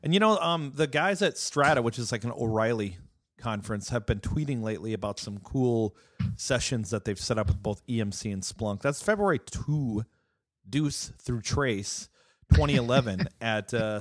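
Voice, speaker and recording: A man's voice: medium pitch, animated, moderate pace, no echo, studio quality. Joking man co-hosting a tech podcast. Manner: joking, playful asides, trails off quietly. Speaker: podcast co-host. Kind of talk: casual tech podcast chat.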